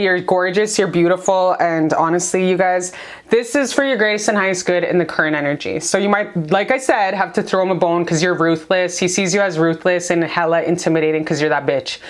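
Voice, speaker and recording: A woman hosting a casual online tarot reading, talking to her viewers in a gushing, affectionate, slangy and frank way. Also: fairly low pitch. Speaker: tarot reader.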